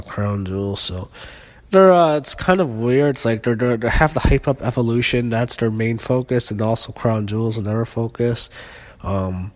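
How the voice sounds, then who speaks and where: A man's voice: mid-range voice, darkish tone. A young man casually reviewing a wrestling show, rambling with many fillers and restarts and swearing in frustration.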